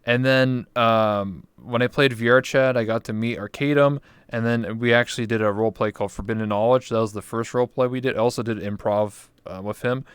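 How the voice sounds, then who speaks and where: A man's voice: medium pitch, fairly even intonation, a little fast, few pauses, smooth, dry recording. A young Canadian man hosting a casual interview show, talking in a laid-back, rambling way with casual swearing. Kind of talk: casual chat.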